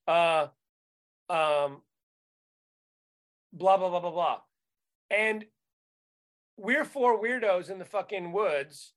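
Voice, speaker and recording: Male comic co-host, high voice, animated rants, casual podcast banter. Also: slow, long pauses. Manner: animated, ranting, swears freely. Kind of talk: casual comedic chat.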